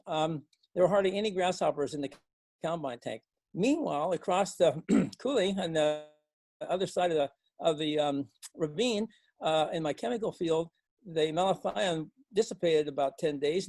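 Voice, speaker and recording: An older man, a farmer from Montana, telling a halting, folksy story to a club meeting, with many restarts. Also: fairly high pitch, darkish tone, no room sound. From Montana, USA. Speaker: guest speaker, organic farmer. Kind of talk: storytelling talk.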